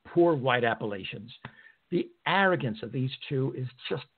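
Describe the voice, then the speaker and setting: A man's voice: mid-range voice, animated, moderate pace, husky. A man hosting a talk radio show from a studio, ranting in a sarcastic, indignant way with many fillers. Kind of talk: political talk radio monologue. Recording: narrow phone-like sound.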